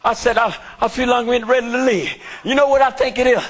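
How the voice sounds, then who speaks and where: A man preaching a sermon who shouts often and calls out to the congregation for response. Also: extremely high pitch, fairly even intonation, fairly quick.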